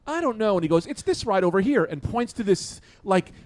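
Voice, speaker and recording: A young man tells a funny childhood story on a casual podcast, laughing and acting out his younger self. His voice sits a bit high and swings widely in pitch. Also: sing-song, fairly quick, darkish tone, dry recording. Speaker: podcast co-host.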